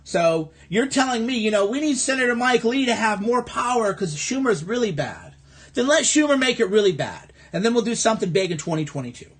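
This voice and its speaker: A man's voice: high voice, very animated, brisk, husky. Angry profane man ranting on a livestream. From American Midwest. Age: adult. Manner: angry, profane, repetitive and sarcastic. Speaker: livestream host. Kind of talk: ranting political livestream monologue. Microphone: phone livestream.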